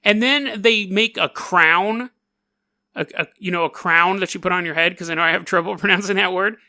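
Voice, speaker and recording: A man's voice: sits high, moderate pace, pushed and bright, no room sound, studio quality. A man hosting a podcast, telling a story casually and sarcastically, with joking asides. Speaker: podcast host.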